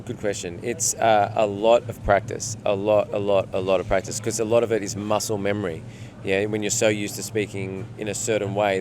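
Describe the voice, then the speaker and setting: Low-voiced Australian man, thoughtful. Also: a little mellow, slight background noise. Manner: reflective, thinks aloud with fillers. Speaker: actor being interviewed. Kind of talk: casual interview answers.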